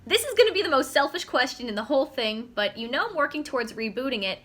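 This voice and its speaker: A woman's voice: high-pitched, animated, quick pace, a bit bright. A woman from the United States hosting an interview, speaking earnestly and from the heart. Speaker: interview host.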